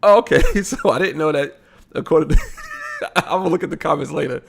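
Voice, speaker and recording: A man's voice: fairly high pitch, brisk, vocal fry. A man hosting a live show, giving blunt, casual commentary on a video he is watching. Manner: animated, blunt, frequent laughing asides.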